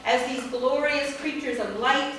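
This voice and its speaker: A woman priest delivers a sermon in a measured, gently wry way. Her voice sits high, and it carries from some distance through a very echoey church, with a faint hiss behind it.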